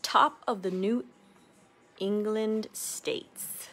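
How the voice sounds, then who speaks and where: A woman's voice: medium pitch, steady tone, extremely slow, a bit bright. A woman co-hosting a craft livestream, chatting casually, laughing often and reading viewer comments aloud. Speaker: craft channel co-host.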